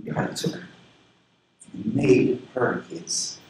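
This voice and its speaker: A man from southern Florida preaching a sermon as a pastor, telling personal stories in an earnest way. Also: drawn-out words. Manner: earnest, personal storytelling with lively pitch swings. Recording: very echoey room with faint background noise.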